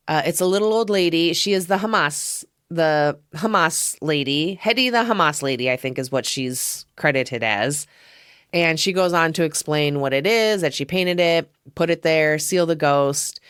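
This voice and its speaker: A woman's voice: sits low, a bit bright, clear, resonant tone, dry recording, clean studio sound. A woman hosting a casual film review podcast, chatty and profane, laughing often as she talks. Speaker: podcast host.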